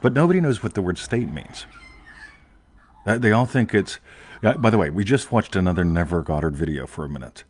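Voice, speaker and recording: A man's voice: sits low, expressive, a little fast, husky, no room sound. A man hosting a casual chat, rambling and emphatic, often tagging "right?" and swearing offhandedly. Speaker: host.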